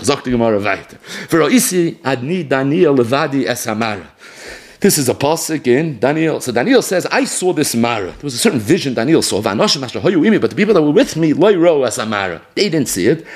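A man giving a Talmud class lecture, quoting a passage and then explaining it in quick, emphatic bursts. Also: mid-range voice. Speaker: Talmud teacher.

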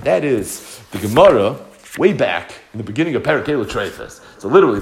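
A man teaches a Talmud lesson, and his fairly high voice swings up and down as he throws out rhetorical questions. The lecture sounds like it was recorded in an echoey room. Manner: animated, rhetorical questions, mixes Hebrew and Yiddish terms.

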